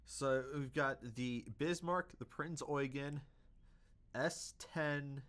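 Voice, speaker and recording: A man's voice: medium pitch, slow, fairly bright tone. A young man hosting a casual history video, hesitant, with many fillers and self-corrections.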